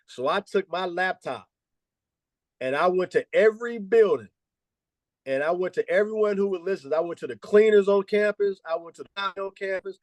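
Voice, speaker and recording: A man in his fifties, a former college basketball head coach, telling lively stories and peppering them with "man" and "you know". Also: a little high, dry recording. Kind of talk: storytelling interview answers.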